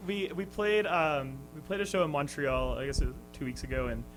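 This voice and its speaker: A young man, a touring musician, tells a story on a radio show in halting bursts full of restarts. His voice sits a bit high, and faint music runs behind him. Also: a bit bright, rough recording. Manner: hesitant, lots of fillers and restarts, laughing. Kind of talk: casual storytelling interview. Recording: radio studio with music underneath.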